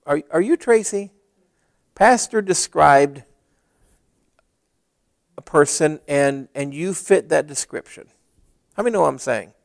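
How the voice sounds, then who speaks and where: Male pastor, high voice with a lot of lift, dry close sound; storytelling sermon that builds to emphatic preaching. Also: animated, a little slow, vocal fry, long pauses, dry recording.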